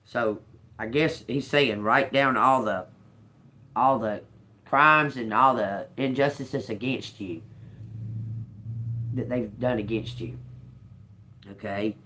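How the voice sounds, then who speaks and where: Animated woman tarot reader. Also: extremely low pitch, slow pace, pauses often, a little hiss or hum. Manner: animated storytelling, frequent laughter, profane. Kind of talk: casual tarot reading with Bible reading.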